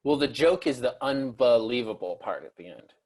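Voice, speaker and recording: A man co-hosting a comedy show, giving mock-serious coaching in a deadpan, earnest-sounding way. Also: mid-range voice, normal speed, breathy edge.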